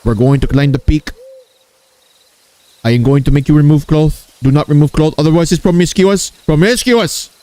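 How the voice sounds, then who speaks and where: A man's voice: moderate pace, a little mellow, no echo, close to an everyday voice. A man doing an Indian-accented impression of a prudish, scolding man who rants and repeats insults. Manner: shrill, ranting, repeats insults.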